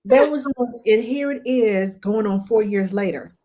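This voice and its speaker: A woman with a Southern US accent hosting a podcast, telling stories in a folksy, animated way. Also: a little high, moderate pace. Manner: animated storytelling with acted quotes; folksy, self-deprecating. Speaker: podcast host. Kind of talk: casual conversational interview.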